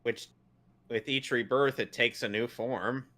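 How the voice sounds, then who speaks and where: A man's voice: mid-range voice, steady tone, measured pace, fairly bright tone. A man co-hosting a casual movie commentary, mocking and incredulous at what he watches.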